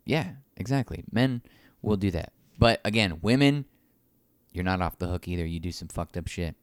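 A podcast co-host with a deep, animated voice speaks at a moderate pace, clean in tone, in clean studio sound with no echo. He teases his friends with crude jokes, swears freely, and laughs often in casual banter.

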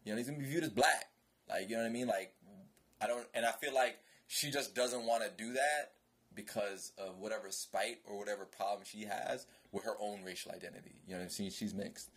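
A man's voice: lowish voice, a little fast, a bit bright, husky. A man from Jamaica in casual podcast chat, laid-back and slangy, often asking "you know what I mean".

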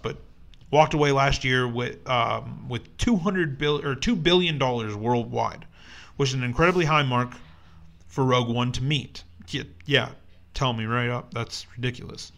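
A man's voice: medium pitch, normal speed, vocal fry, fairly bright tone. A young man co-hosting a podcast in casual chat, rambling with lots of fillers and restarts, and reading news aloud. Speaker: podcast co-host.

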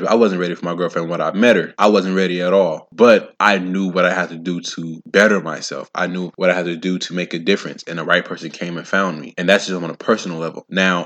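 Deep-voiced man hosting a motivational podcast. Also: a bit bright. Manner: emphatic, preachy, punctuates points with sound effects; casual and slangy, addresses listeners directly. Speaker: podcast host. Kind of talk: solo motivational podcast monologue.

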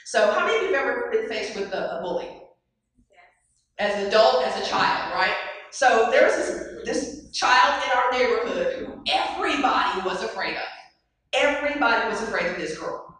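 A woman giving an animated motivational speech, telling stories and putting questions to an audience in a large hall. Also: a little high, normal speed. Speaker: motivational speaker. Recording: very echoey hall, far mic.

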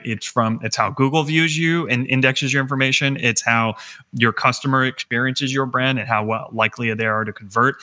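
A male podcast host in easy, casual chat. His voice is bright with a forward edge, and he talks in a joking, rambling way, full of fillers and restarts. He sits at a middling pitch.

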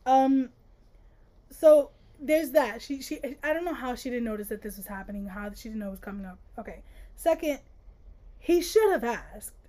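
A woman's voice: on the high side, moderate pace. A woman co-hosting a podcast, chatting casually and sassily about a book, often exasperated. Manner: sassy, exasperated, animated. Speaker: podcast co-host.

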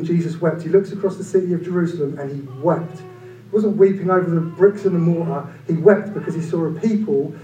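A man around forty, preaching a sermon in an animated, conversational way with humorous asides. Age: about 40. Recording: echoey room from far off, low-quality.

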